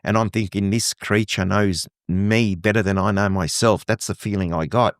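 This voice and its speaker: Middle-aged male guest from Lebanon, lowish pitch, dry close mic, lively storyteller. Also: moderate pace, dry recording. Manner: animated storytelling, acting out quoted dialogue. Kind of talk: conversational interview.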